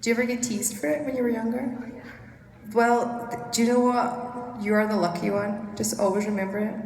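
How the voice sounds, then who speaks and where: A woman's voice: on the high side, fairly even intonation, fairly quick, darkish tone, far from the mic. Chatty Scottish woman in an echoey hall. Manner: chatty, rambling, laughs often. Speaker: actor as panel guest. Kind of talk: convention panel storytelling. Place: large convention hall. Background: hall ambience and noise.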